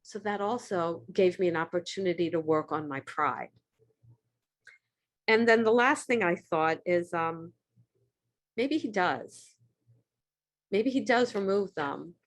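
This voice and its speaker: A woman's voice: on the low side, lively intonation, slow, long pauses. A woman giving an earnest, candid talk on recovery steps, reading short passages aloud and then reflecting on them. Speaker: speaker at a recovery meeting.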